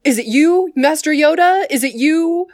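A woman's voice: high voice, lively intonation, moderate pace, darkish tone, no echo, clean studio sound, pitched above the performer's own voice. A woman doing a chirpy, polite alien cloner. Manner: cheerful customer-service tone.

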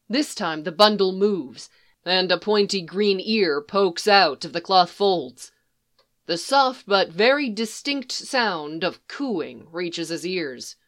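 A woman reading fan fiction aloud in a soft, even storytelling manner. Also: fairly low pitch. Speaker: reader.

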